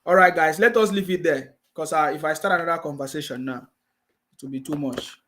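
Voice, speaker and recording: A man's voice: a little high, brisk, bright, forceful tone. A man with a Nigerian English accent hosting a live stream, reading viewer comments and scolding his critics with repeated mocking taunts. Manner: reads viewer comments aloud.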